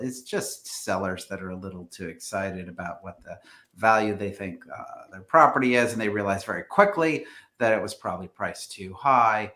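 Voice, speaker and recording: Real estate agent: man, lowish pitch, halting and filler-heavy, in an echoey room. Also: sharp tone. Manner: hesitant, many fillers and restarts. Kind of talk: live stream market discussion.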